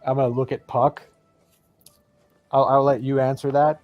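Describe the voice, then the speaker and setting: A man's voice: medium pitch, little pitch movement, normal speed, no room sound, dull audio, faint music behind. A man playing a tabletop game who declares his character's actions plainly and matter-of-factly. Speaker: player.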